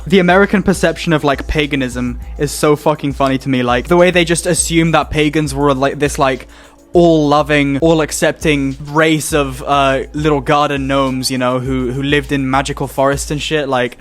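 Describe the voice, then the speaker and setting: Young man, higher voice, profane, sarcastic, reaction commentary, faint background music. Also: moderate pace. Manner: profane, mocking, laughs often. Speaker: reaction video host.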